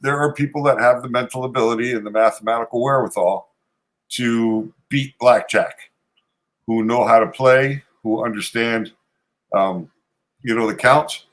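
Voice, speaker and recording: A man in casual podcast chat who explains his points in a steady, measured way. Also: medium pitch.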